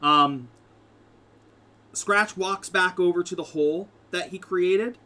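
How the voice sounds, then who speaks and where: A man's voice: high-pitched, takes it slowly, pushed and bright. A man narrating a tabletop game as game master, rambling with lots of fillers.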